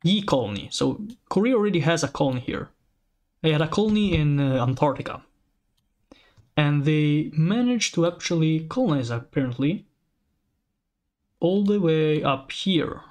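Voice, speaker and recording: Excitable rambling man reading map lore. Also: on the high side, normal speed, pauses often. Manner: excitable, rambling, frequent restarts and exclamations. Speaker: channel host. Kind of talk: casual commentary reading aloud from a map lore text.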